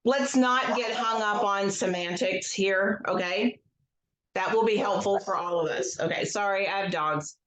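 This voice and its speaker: Slow, gentle woman leading tapping. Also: mid-range voice, a little hiss or hum. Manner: slow, gentle and measured, with casual asides. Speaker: educational psychologist leading an EFT tapping session. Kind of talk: guided tapping session with spoken affirmations. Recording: echoey room.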